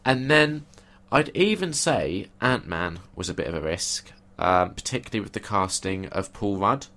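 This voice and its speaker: Male podcast co-host, lowish voice, easygoing and opinionated. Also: lively intonation, normal speed, fairly bright tone. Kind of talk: casual film discussion.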